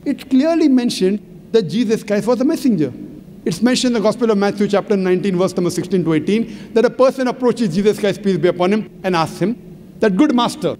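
Very high-voiced man lecturing in a reverberant hall. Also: a little mellow. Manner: emphatic, methodical, cites chapter and verse. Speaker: religious lecturer. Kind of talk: public lecture answering an audience question. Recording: long hall reverb, faint background noise.

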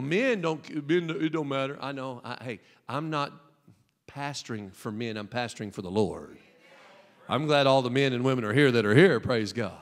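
A man preaching a Pentecostal sermon as pastor, emphatic and joking, dropping to a hush and then rising to loud cries. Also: mid-range voice. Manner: emphatic, swinging from hushed to loud, joking asides. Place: church sanctuary with balcony. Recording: long church hall reverb.

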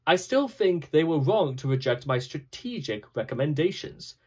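A man reading a scripted reflective talk with dry, wry humor and a measured, explanatory delivery. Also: a little high, darkish tone, breathy edge. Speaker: speaker giving a short reflective talk.

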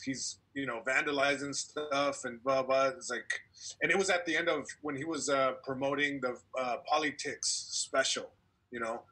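Animated young man telling a story on a video call. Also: mid-range voice, breathy edge. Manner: animated storyteller, acts out quotes, laughs. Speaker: comedian guest. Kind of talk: casual storytelling on a podcast call.

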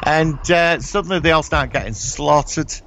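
A man's voice: a little high, moderate pace, fairly bright tone, slight background noise, poor audio. A man co-hosting a podcast, telling a long, rambling story in casual chat, with swearing and sound effects. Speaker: podcast co-host.

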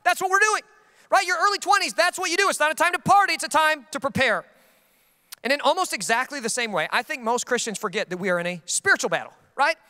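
A man's voice: very high voice, bright, forceful tone, long reverb tail. A man preaching a casual, joking sermon as a pastor, poking fun at himself. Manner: casual, joking, self-deprecating.

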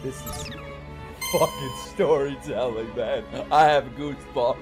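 A man reacting to an anime episode, excitable and profane, often breaking into exclamations. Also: medium pitch, a little slow, music in the background. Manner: excitable, swears a lot, exclaims. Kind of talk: casual reaction commentary. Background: anime soundtrack playing.

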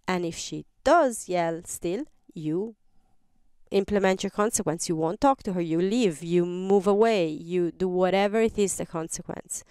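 A woman's voice: fairly low pitch, normal speed, mellow, clean tone, no room sound, clean studio sound. A woman hosting an advice podcast, explaining earnestly and step by step with examples. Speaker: podcast host. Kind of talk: advice talk.

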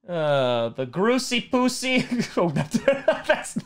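A man's voice: sits high, big pitch swings, slow. A man streaming his reaction to a football game, caught in a laughing fit and giggling through his words. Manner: giggly, keeps breaking into laughter. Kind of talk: casual live-stream reaction.

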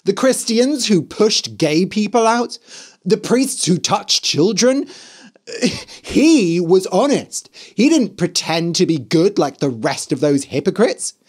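Slow, expressive male storyteller. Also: high-pitched, husky. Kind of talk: scripted story narration for learners.

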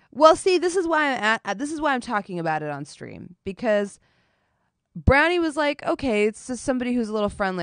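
A woman's voice: mid-range voice, a bit bright, smooth, no echo. A woman streaming, chatting casually with her viewers while doing her makeup, telling a story animatedly and swearing often.

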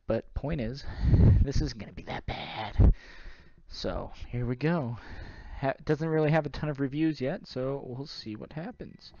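A man's voice: medium pitch, normal speed, mellow, highs cut off, a little hiss or hum. A man giving joking, rambling commentary while playing a horror game. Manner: joking, rambling, self-mocking asides. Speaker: gaming video host. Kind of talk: let's play commentary.

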